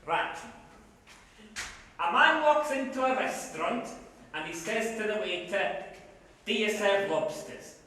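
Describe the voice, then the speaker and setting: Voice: mid-range voice, sing-song, slow, long pauses, sharp tone, slight background noise, heavily acted. An actor playing a male recruiting clerk who was once a music-hall comedian, stammering and repeating his jokes on a live stage. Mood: joking. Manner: stammering, joke-telling, repeats phrases. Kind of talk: live amateur stage acting. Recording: echoey hall recording from far off.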